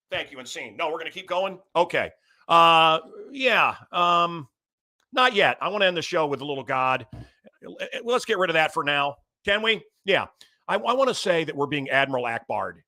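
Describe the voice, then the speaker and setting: A middle-aged show host with a slightly high voice and sharp tone delivers a blunt, combative political monologue. His language is crude.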